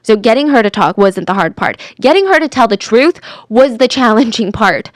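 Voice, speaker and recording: A woman telling a true crime story in a chatty, animated way, sometimes dropping to a whisper for drama. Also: on the high side, normal speed, no room sound, clean studio sound.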